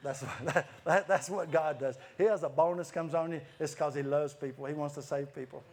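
A man's voice: a little high, steady tone, brisk. A man preaching a sermon, telling stories with many restarts and frequent laughter. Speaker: guest preacher. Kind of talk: lively sermon storytelling.

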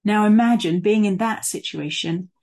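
A woman's voice: mid-range voice, normal speed, a little mellow. A woman preaching a sermon in a conversational way, with fillers and asides, and leaning hard on words she stresses.

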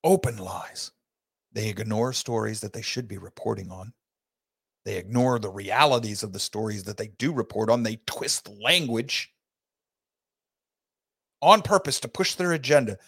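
A middle-aged man hosting an opinion talk show, folksy, preachy and emphatic, with big swings in pitch. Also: moderate pace, creaky, pauses often, a bit bright, slightly rough. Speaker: host.

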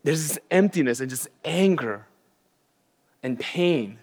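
A man's voice: lively intonation, slow. Earnest preaching man in a reverberant hall. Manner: earnest, drops to a hushed low voice on grief and rises sharply on emphasis. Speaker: pastor. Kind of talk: sermon.

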